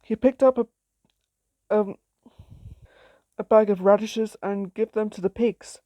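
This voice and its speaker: A woman's voice: medium pitch, steady tone, measured pace, no echo, lo-fi sound. A woman reading her own story aloud in a plain, simple storytelling way.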